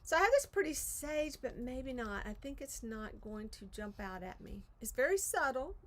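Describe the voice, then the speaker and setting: A woman's voice: high voice, very animated, normal speed. A woman, chatting casually on a craft livestream, rambling and self-deprecating, often trailing off mid-thought. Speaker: crafting vlogger. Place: home craft studio.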